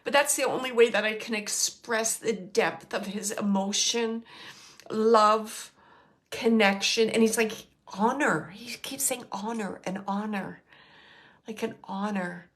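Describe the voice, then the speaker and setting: A woman's voice: mid-range voice, fairly even intonation, a little slow, a bit bright. A middle-aged woman working as a psychic medium, giving an emotional live reading to an audience and relaying messages with emphasis. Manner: emotional, tearful at times, relaying quotes with emphasis.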